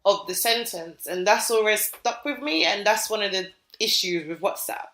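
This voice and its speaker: A woman with a British accent co-hosting a podcast, telling stories in a chatty, animated way with lots of fillers. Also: medium pitch, moderate pace, echoey room. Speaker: podcast co-host. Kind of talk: casual podcast chat.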